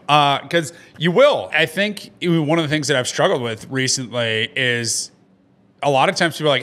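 Man, start-up founder, bright forceful voice, candid, swears, casual podcast chat. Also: on the high side, a little fast. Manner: candid, swears freely, animated storytelling.

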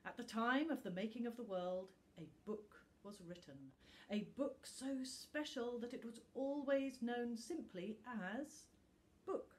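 Woman, teacher, bedtime story read-aloud, calm gentle narration, dramatic pauses, slow unhurried pace. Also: fairly high pitch.

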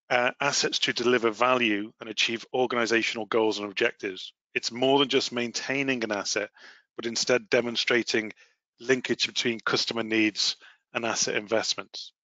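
A man hosting a professional webinar, presenting in a measured, formal way with the odd filler. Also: medium pitch, pushed and bright, no echo. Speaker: webinar host and asset management lead. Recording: slightly muffled, dry webinar audio.

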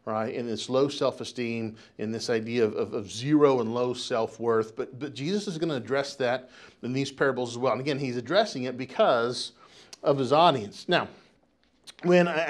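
A middle-aged American man preaching a sermon as pastor, talking in a loose, conversational way with lots of restarts and "right?" tags. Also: medium pitch. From United States.

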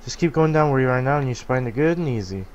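Guy doing a smug trendy duck critter from a game, rattles off jokes quick and teasing. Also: mid-range voice, animated, a little mellow, dull audio, slight background noise, lightly acted. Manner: fast, smug teasing with cackling laugh. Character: cocky trendy male duck creature, prankster. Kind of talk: fan voice reading of game dialogue.

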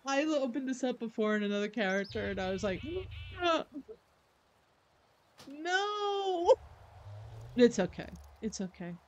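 A woman streaming a game, chatting casually and rambling with lots of fillers and self-corrections. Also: medium pitch. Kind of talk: casual gaming chat. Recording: faint background noise.

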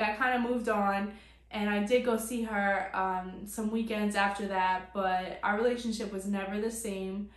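A woman's voice: on the high side, fairly bright tone. A young adult woman telling a personal story to her vlog audience in a casual, chatty way, full of "like" fillers. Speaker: vlogger. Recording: echoey room.

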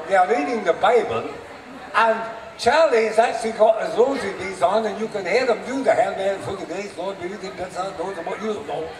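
Animated high-voiced faire storyteller man. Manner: animated storyteller, addresses audience. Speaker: renaissance faire performer. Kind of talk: stand-up joke telling to a live crowd. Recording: echoey open air from far mic, noisy.

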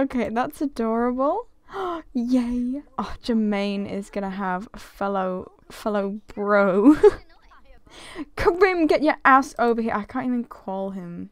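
Her voice is a little high and animated, and she takes things slowly in an echo-free recording. A young gaming creator, she narrates her life-simulation gameplay in casual let's-play style, giggling, gasping and exclaiming often.

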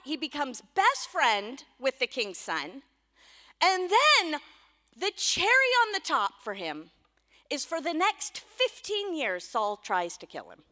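A woman pastor giving a sermon in a church, telling stories in a playful, animated way with quick asides. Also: high-pitched, big-room sound. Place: church sanctuary.

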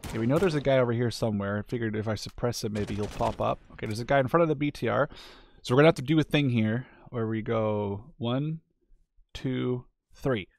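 A man's voice: mid-range voice, brisk, creaky, a little hiss or hum. A man giving casual, rambling gameplay commentary, mildly ranting and full of fillers as he plays.

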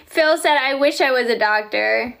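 A woman's voice: high-pitched, moderate pace, creaky, fairly bright tone. A woman hosting a casual phone livestream, reading viewer comments aloud and chatting, laughing often. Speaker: livestream host.

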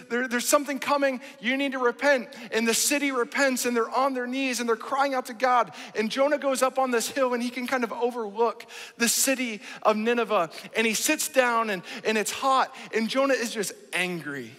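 A man's voice: very high voice, fairly bright tone. A man preaching a sermon in church, speaking emphatically and often checking in with the congregation. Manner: emphatic, keeps asking the congregation "right?". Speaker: pastor. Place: church sanctuary. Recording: long church hall reverb.

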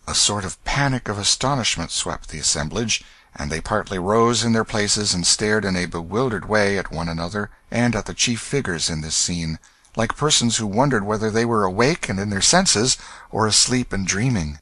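A man narrating an audiobook with measured storybook reading. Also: lowish voice, pushed and bright, no room sound. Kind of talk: scripted narration.

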